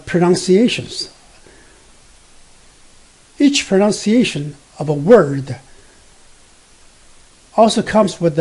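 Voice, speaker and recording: A man gives a beginner language lesson at an unhurried pace. His voice is mellow and a little husky, with plenty of fillers and restarts as he spells out letters. He draws out each sounded tone with care. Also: sits high. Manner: slow, careful explanation with frequent fillers and self-corrections; drawn-out demonstration of tones and spelled-out letters. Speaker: Mandarin teacher.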